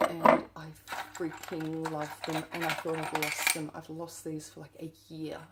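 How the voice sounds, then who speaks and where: Excitable Australian woman, low and unhurried. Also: very noisy. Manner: excitable, exclaiming over found items, drifting into whispers. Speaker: witch shop owner vlogger. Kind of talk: casual chat while tidying.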